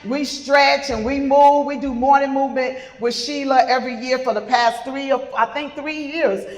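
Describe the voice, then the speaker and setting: A woman's voice: sits high, fairly even intonation, normal speed. Effusive woman host in a reverberant hall. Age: middle-aged. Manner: effusive, repeats words for emphasis. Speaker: podcast host. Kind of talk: live podcast panel introductions. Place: retreat event room with live audience. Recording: roomy hall with long reverb.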